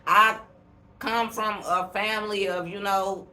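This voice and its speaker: A young woman co-hosts a casual podcast chat, speaking slowly in a bright, forceful mid-range voice with fairly even intonation. She talks bluntly and animatedly with lots of swearing, recorded roomy on a distant mic with faint hiss.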